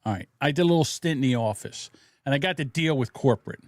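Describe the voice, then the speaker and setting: A man's voice: medium pitch, fast talker, no room sound, clean studio sound. A man hosting a casual political podcast, telling blunt, profane stories about corporate greed. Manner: blunt, profane, animated storytelling. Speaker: podcast host.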